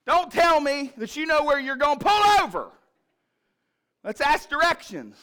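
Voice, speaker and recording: Nagging mother figure, high and sharp, voiced by a male preacher in a sermon story. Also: big pitch swings, measured pace, heavily acted. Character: exasperated mother scolding her lost husband.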